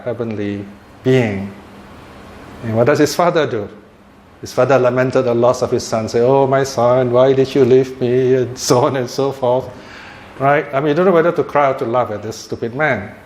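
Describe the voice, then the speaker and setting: A man and Buddhist teacher telling a religious story in a talk, with lively chuckling asides. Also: mid-range voice. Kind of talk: sermon-style storytelling talk. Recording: echoey room with faint noise.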